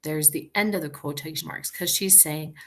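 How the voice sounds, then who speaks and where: A woman teacher leading a reading lesson for young children, talking slowly and clearly in an encouraging way. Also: low-pitched. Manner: slow, clear and encouraging, sounding out words.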